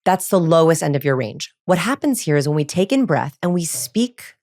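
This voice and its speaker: A woman behavioral researcher chatting as a podcast guest, animated and demonstrating vocal tones. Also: moderate pace. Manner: animated, demonstrates voices in high and low pitch. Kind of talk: casual chat with vocal demonstrations.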